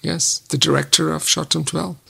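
Husky, very gravelly man, hesitant. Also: fairly high pitch, flat delivery, normal speed, bright, forceful tone. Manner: hesitant, self-deprecating, stumbling restarts. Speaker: podcast co-host. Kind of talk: casual chat.

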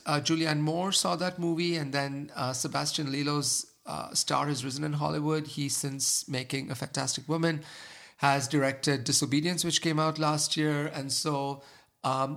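Gravelly, enthusiastic film-review man. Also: fairly high pitch, a bit bright. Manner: enthusiastic, rambling with many fillers. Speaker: film podcast co-host. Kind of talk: casual film review chat.

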